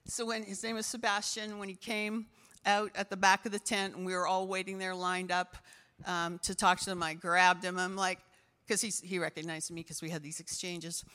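A woman's voice: on the low side, level tone, moderate pace, pushed and bright, big-room sound. A woman pastor preaching a sermon, telling stories enthusiastically with casual fillers. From Canada. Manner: enthusiastic, storytelling, fillers like "you know".

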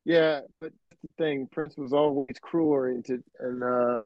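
Animated man telling stories over a dull, dry call line. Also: mid-range voice, unhurried, no echo. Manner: animated, drops "man" and "you know" often. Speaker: guest musician, keyboardist. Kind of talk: casual storytelling interview. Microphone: earbuds on a remote call.

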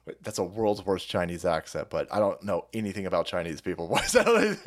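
A man's voice: deep voice, sing-song, fairly quick, hardly any pauses. A man hosting a livestream, ranting in profane, sarcastic commentary and laughing between his lines. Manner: sarcastic, swears constantly, laughs mid-sentence. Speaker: livestream host.

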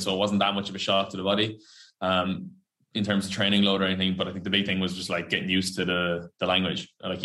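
A low, bright voice with a forceful tone belongs to a young professional rugby player from Ireland. Chatting in an easygoing podcast interview, he rambles along with plenty of fillers and slang and doesn't hold back on curse words.

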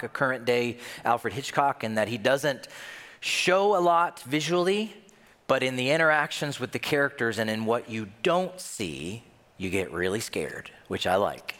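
Guy preaching a sermon, storytelling style, pitch jumps all over, big echoey church hall. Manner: animated storytelling, acts out scenes. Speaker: pastor. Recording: long hall reverb.

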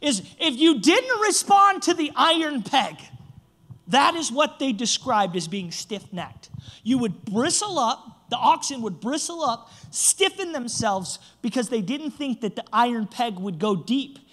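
A man's voice: very high-pitched, big pitch swings, measured pace, pushed and bright. A young man, a church pastor, preaching a sermon and telling a self-mocking funny story.

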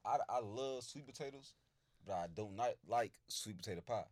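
A man's voice: mid-range voice, moderate pace, darkish tone, no echo, studio quality. A man co-hosting a casual podcast chat, insistent and repeating himself to hold the floor. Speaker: podcast co-host.

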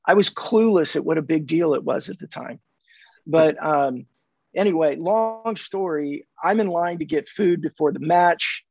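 A man from California, a sales coach on a podcast, telling animated stories and acting out the dialogue. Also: fairly high pitch, moderate pace, vocal fry, breathy edge, dry recording. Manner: animated, acts out dialogue in anecdotes. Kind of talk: conversational storytelling. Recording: dull dry lo-fi audio.

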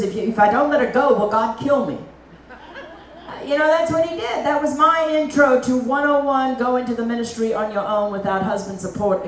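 Lady evangelist telling her story, folksy and lively, roomy far-off sound. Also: fairly high pitch, a little hiss or hum. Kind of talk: testimony preaching. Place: church meeting hall. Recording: echoey hall, mic at a distance.

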